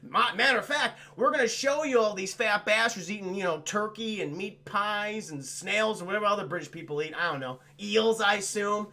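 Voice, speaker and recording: Streamer recapping a film for chat: a high, gravelly male voice with a bright edge, profane and rambling. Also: brisk, hardly any pauses. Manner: profane, rambling, mocking impressions. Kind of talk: crude comedic film recap.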